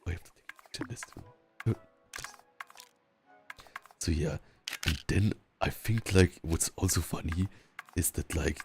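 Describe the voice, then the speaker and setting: A man with a Southern German accent and a rolled R, a native German speaker chatting casually while streaming a game, talking slowly with long pauses. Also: creaky, music in the background. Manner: slow, rumbly speech with long pauses. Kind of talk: casual chat while gaming.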